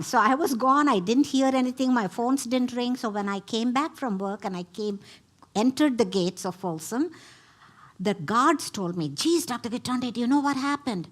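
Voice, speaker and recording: A woman with a fairly high voice tells a personal story to a gathering. She is emphatic and animated, acting out the quoted exchanges as she goes. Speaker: speaker at a spiritual center. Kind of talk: storytelling talk.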